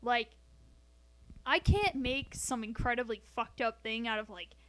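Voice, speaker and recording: A woman with a somewhat high voice chats on a live stream from her floor at home. She talks loosely and profanely, drifting off topic and cracking jokes between bits of science. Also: unhurried, a bit bright. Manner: profane, rambling, jokey. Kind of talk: casual live-stream chat.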